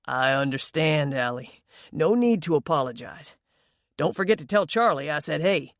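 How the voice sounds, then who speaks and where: A woman's voice: sits low, lively intonation, moderate pace, no room sound, clean studio sound. A woman voicing a burly, smirking man who drawls and taunts. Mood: smug.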